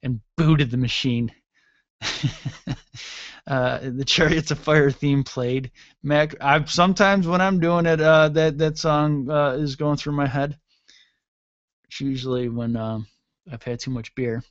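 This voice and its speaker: A man's voice: on the high side, fairly even intonation, a little slow, pauses often, no room sound. A man in his thirties hosting a solo talk radio show, rambling through sarcastic, irreverent jokes. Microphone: studio mic with mixer. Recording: dull lo-fi dry sound.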